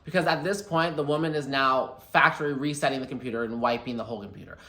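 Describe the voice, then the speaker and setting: Young man, bright chatty storyteller, echoey room. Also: medium pitch. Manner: chatty and animated, quotes people in quick asides. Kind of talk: casual storytime vlog.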